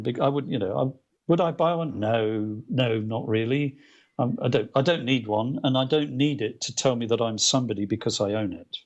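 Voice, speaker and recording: A male author as a guest, telling anecdotes in a casual interview, animated, with many restarts and fillers. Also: mid-range voice.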